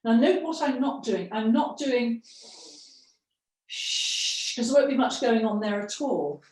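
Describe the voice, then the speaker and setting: A woman's voice: on the high side, animated, normal speed, warm tone, slight background noise. A middle-aged woman voice coach leading a breathing workshop, demonstrating and encouraging the audience through exercises. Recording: roomy sound, off-mic.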